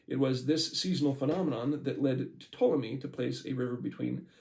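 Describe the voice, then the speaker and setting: The voice is a man's: medium pitch, brisk, somewhat mellow, with vocal fry. As an amateur reader, he reads a book aloud casually and breaks off for comments and laughter, on a rough recording.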